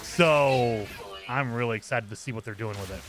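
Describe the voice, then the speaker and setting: A man's voice: mid-range voice, normal speed, music in the background. A man hosting a game live stream, chatting casually and enthusiastically in a rambling way and thanking viewers for gifted memberships.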